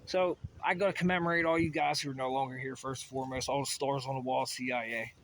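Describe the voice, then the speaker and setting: A man's voice: mid-range voice, steady tone, fast, fairly bright tone, slight background noise. A man ranting in a rambling solo monologue, profane and agitated, full of asides and restarts. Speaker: vlogger.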